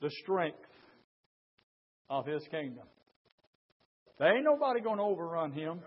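A man preaching a sermon, his fervent delivery swinging from low murmurs to loud shouting. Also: husky, dull audio.

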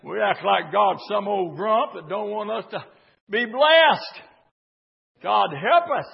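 A man preaching a sermon, swinging between hushed talk and shouted exhortation, on a dull lo-fi recording. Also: high-pitched, lively intonation, takes it slowly, vocal fry, breathy edge, in a large hall.

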